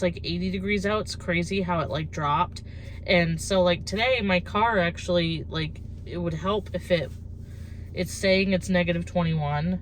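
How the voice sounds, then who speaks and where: Young woman chatting to her camera, kinda low voice, lots of fillers, noisy background. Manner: chatty, rambling with many fillers. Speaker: vlogger. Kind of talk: casual vlog talk to camera. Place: kitchen and parked car.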